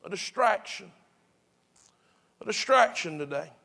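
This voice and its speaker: A man's voice: sits high, lively intonation, measured pace, creaky, bright, forceful tone. A pastor preaching to his congregation in a chatty, repetitive way, with emphatic restarts. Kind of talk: sermon.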